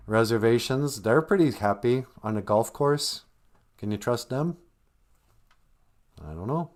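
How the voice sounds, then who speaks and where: A man hosting a live stream, telling a wandering comedic monologue and laughing at his own jokes. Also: medium pitch.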